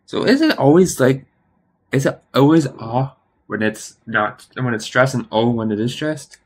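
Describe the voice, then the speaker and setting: A man thinking aloud while studying, hesitant and questioning himself, often trailing off into a quiet mutter. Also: mid-range voice, animated, a little slow, breathy edge. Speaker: streamer studying Italian.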